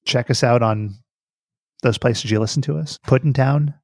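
A man's voice: medium pitch, moderate pace, dry recording, studio quality. A man hosting a podcast, chatting casually with frequent laughs and swearing. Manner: laughing, rambling, profane. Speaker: podcast host.

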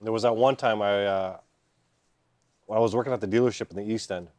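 A man, a guest on a casual podcast, tells a story from his working days in a calm, measured way. His voice is on the low side, and it sounds dry with no room echo. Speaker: guest, host's brother. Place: outdoors in a backyard.

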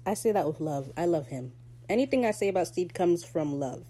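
A young woman hosting a casual podcast recap, talking on her own with a fairly low, dark, mellow tone. She gushes, swears and breaks into sudden excited outbursts, then settles back into chatty commentary. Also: a little fast. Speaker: podcast host.

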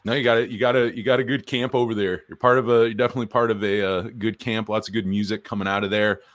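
A man's voice: fairly low pitch, steady tone, fast, dry recording. A man hosting a casual music podcast, loose and swearing, often restarting his questions. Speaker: podcast host.

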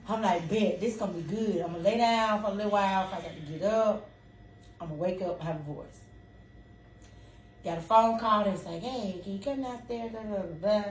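A woman's voice: mid-range voice, brisk, recorded from a distance. A woman tells a story on a faith talk show, acting out the dialogue. She sits well back from the mic, and the room adds a strong echo. Faint noise runs underneath. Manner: animated storyteller, acts out dialogue with sudden loud laughs. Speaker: podcast co-host.

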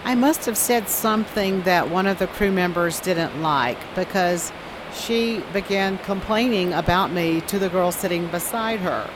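A woman's voice: lowish voice, a little slow. A woman from the American South with a Southern accent, telling work stories in a casual, amused way. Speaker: flight attendant guest. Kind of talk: casual storytelling. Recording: hissy noisy recording.

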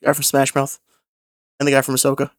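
A young man co-hosting a podcast in casual chat, animated and incredulous, swearing often. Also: medium pitch, fast talker, no echo, studio quality. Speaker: podcast co-host.

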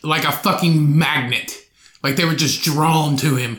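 A man's voice: a little high, unhurried, a bit bright, echoey room. A young man hosting a podcast alone, telling a rambling, profane story with lots of laughter. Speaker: podcast host.

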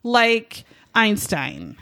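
A woman's voice: fairly high pitch, lively intonation, drawn-out words, vocal fry, sharp tone, no echo. A woman co-hosting a casual chat, telling a story animatedly, acting out quotes and swearing freely. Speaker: podcast co-host.

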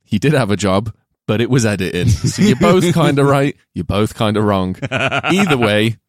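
Excitable swearing podcast man. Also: medium pitch, normal speed, dry recording, studio quality. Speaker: podcast co-host. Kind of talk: casual film podcast chat.

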